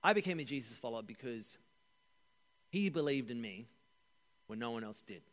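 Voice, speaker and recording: A man voicing the apostle Peter, a grateful older fisherman, in quiet, earnest first-person testimony. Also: medium pitch, lively intonation, moderate pace, voice pushed down, close to an everyday voice. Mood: earnest, reflective. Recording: echoey hall.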